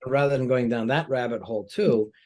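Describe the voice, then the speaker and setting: Male doctor guest, calm explanatory talker, average pitch, lots of filler phrases. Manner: explanatory, measured, frequent "you know" fillers. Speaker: plastic surgeon guest. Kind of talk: interview answers.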